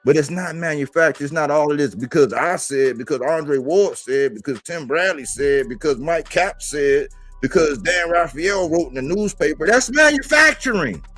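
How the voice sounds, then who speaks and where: A man's voice: on the high side, moderate pace, faint music behind. A man hosting a boxing talk show, arguing his points with emphatic rhetorical questions. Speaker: boxing podcast host. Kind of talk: casual boxing commentary.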